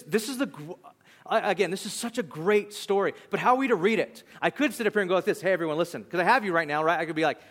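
Man preaching in a reverberant hall. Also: high-pitched. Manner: animated storytelling, acting out quotes with shifting voice. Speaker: pastor. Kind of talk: sermon.

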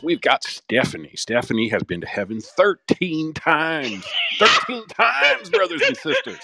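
A man's voice: a little high, creaky, bright, forceful tone, no room sound, voice pushed up, full character voice, poor audio. A man doing an old-timey TV preacher. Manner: drawn-out, sing-song preacher cadence. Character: old-timey male TV preacher, booming and showy.

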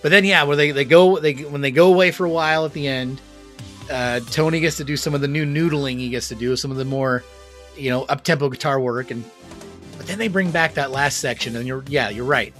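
A man's voice: medium pitch, a little fast, fairly bright tone. A man co-hosting a casual podcast chat about music, enthusiastic and rambling, with lots of fillers and restarts and some swearing. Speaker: podcast co-host.

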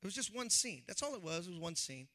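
Delivering his sermon with lively, conversational energy, a male pastor acts out each quoted voice. He speaks fast and high-pitched.

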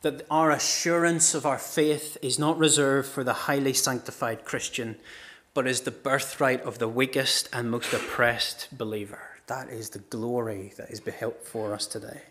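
A middle-aged man, a pastor preaching a sermon with passionate storytelling, moving from loud cries to hushed words. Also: medium pitch, steady tone, normal speed, slight background noise.

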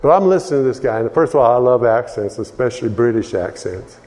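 A man's voice: medium pitch, lively intonation, quick pace, darkish tone, in a large hall. A man from Texas preaching a sermon in a rambling way, often restarting his sentences and wandering into asides.

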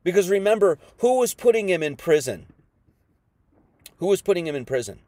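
A man's voice: high-pitched, big pitch swings, moderate pace, warm tone, no echo. Combative, folksy preacher man. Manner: rhetorical questions, folksy and combative. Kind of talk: informal sermon.

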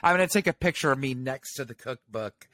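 A woman's voice: very deep voice, animated, brisk, a bit bright, no room sound, clean studio sound. A woman co-hosting a podcast in casual chat, reacting with enthusiastic, playfully dramatic remarks. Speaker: podcast co-host.

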